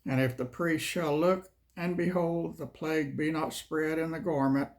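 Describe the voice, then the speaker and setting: A man reading scripture slowly and measuredly, then chatting casually as host. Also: on the high side, fairly even intonation. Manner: slow, measured delivery. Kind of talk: Bible reading and casual chat.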